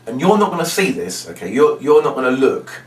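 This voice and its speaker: Very animated and brisk, a medium-pitched male magician chats his way through a step-by-step lesson on a trick. Faint background noise and a roomy sound come through the distant mic.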